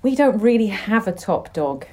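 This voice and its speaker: A middle-aged woman chatting as a podcast guest, an animated storyteller. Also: medium pitch, moderate pace. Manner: chatty, animated storyteller, acts out her dogs' voices. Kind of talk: casual chat.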